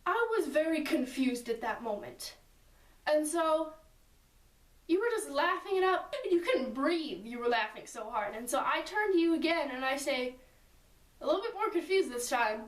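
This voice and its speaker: A high-pitched, animated woman tells a friend a story at normal speed, rambling loosely with lots of "like" and "and so" asides. She's recorded from a distant mic, so her voice rings around a roomy space.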